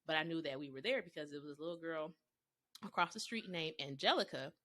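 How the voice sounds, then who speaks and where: A young woman from Texas, co-hosting a podcast and telling family stories in a casual, animated way, laughing often. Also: low voice, fast talker. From Texas, USA. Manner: animated, laughing, slips into voices for quotes. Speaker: podcast co-host. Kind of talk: casual storytelling chat.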